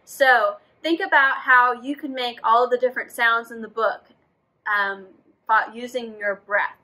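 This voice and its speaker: A woman reading a picture book to preschoolers, slow and gentle. She has a high, bright voice and an encouraging manner. She makes playful sound effects for the children to copy. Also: fairly even intonation, low-quality recording. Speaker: librarian leading preschool yoga and storytime. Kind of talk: children's storytime read-aloud.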